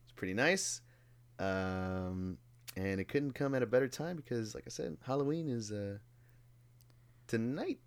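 A man's voice: medium pitch, animated, measured pace, pauses often, no room sound. Laid-back swearing young man. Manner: laid-back, swears freely, laughs often. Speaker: podcast host. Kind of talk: casual chat. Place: warm home room.

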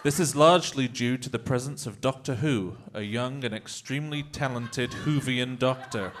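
A man's voice: mid-range voice, normal speed. Man, narrator, mock-earnest reading, faint noise. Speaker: narrator reading stage directions. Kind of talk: live staged script narration.

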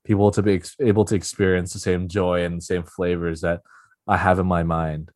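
Deep-voiced young man chatting on a podcast. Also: little pitch movement, brisk, no room sound, studio quality. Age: young adult. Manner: earnest, chatty, lots of fillers. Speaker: podcast co-host. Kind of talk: casual chat.

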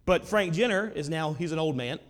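A man preaching a sermon with a high voice, telling a story casually and then driving his points home with emphatic exclamations. His voice carries a long reverb, as in a church sanctuary. He sounds like a preacher in full storytelling flow. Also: expressive, a little fast.

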